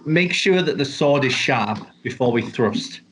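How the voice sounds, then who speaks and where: A man's voice: mid-range voice, expressive, unhurried, a bit bright, a little hiss or hum. A man talking as a guest in casual podcast chat, joking and summing things up bluntly. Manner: joking, swears, sums things up.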